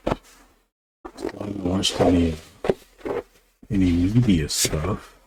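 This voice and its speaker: A male illustrator streams himself drawing while chatting casually, meandering and full of fillers and restarts. His voice sits on the low side with a darkish tone, and there's a little hiss or hum in the audio.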